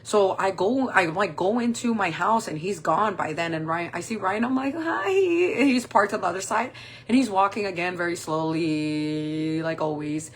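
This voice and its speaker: A woman in her forties chats casually through her makeup routine, telling a story in an animated way. She swears often and acts out the voices of the people in it. There is faint noise in the background. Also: on the low side, normal speed. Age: 40s. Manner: animated, swearing, acting out quoted dialogue. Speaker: makeup vlogger.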